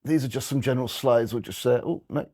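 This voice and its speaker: A man with a medium-pitched, slightly mellow voice talks quickly through a slide presentation for an audience. His delivery is conversational and rambling, full of restarts and self-corrections.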